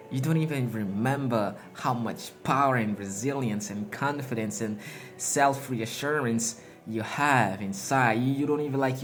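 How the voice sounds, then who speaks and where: Man preaching profane slangy motivation. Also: medium pitch. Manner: emphatic, profane slang, laughs at himself. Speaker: motivational speaker. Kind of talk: freewheeling motivational monologue.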